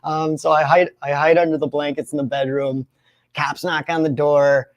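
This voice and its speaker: A young man in recovery, telling his own story in an animated way, often laughing and acting out other voices. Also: fairly high pitch, moderate pace. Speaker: recovery speaker. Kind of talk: storytelling talk.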